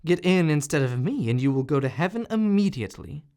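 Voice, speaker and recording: A man voicing a cunning young peasant, calling out in a high, loud, pleading voice, in a storybook reading. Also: expressive, brisk.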